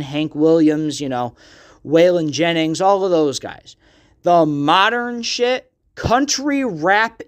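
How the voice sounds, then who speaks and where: A young man hosting a podcast, ranting in a casual, profane monologue full of fillers. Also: high-pitched. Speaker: podcast host.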